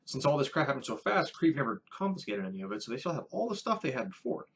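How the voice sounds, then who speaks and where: A man's voice: mid-range voice, sing-song, fast, slightly rough. A man who is a first-time dungeon master, recapping his latest tabletop session in a casual vlog, rambling with many fillers and restarts.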